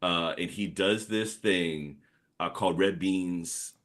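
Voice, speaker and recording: Deep-voiced and slow, a comics artist in his thirties from the New Orleans area chats as a podcast guest in his Yat accent. His storytelling is animated and meandering, heavy with fillers.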